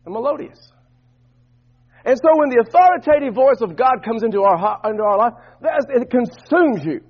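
A man preaching a sermon as pastor, swinging from loud bursts to soft, low asides. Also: big pitch swings, normal speed, husky, lo-fi sound.

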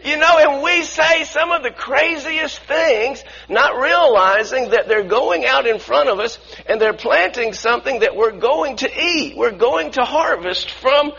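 A man's voice: very high voice, lively intonation, a little slow, creaky, hardly any pauses, bright, forceful tone, husky, highs cut off. A man preaching a sermon earnestly, often restarting phrases and asking the congregation to repeat lines after him.

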